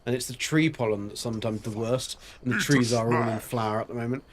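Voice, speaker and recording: A man's voice: medium pitch, fast talker, slight background noise. A man streaming a video game, chatting casually and rambling with jokes and silly sound effects. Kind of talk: casual gameplay commentary.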